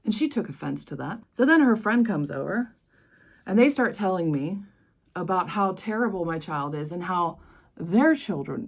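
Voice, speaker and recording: A woman's voice: fairly low pitch, lively intonation, moderate pace, vocal fry, breathy edge. American woman telling a personal story. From United States. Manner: earnest, conversational, with emphatic rises. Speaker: vlogger.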